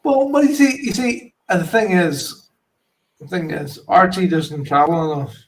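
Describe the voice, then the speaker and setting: A man with a fairly high voice, ranting with profanity on a livestream panel and repeating his words as he stumbles along. He sits well back from the mic, with faint noise behind him. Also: sing-song, normal speed, far from the mic, poor audio. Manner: stammering, repetitive, ranting. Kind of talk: casual chat.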